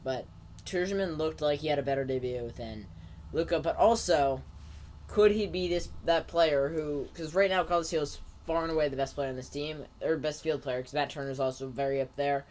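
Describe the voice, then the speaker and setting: A man co-hosts a casual sports podcast with a voice a touch high for a man. He breaks down the game in a dry, joking manner. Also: brisk, a little mellow, a little hiss or hum. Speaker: podcast co-host.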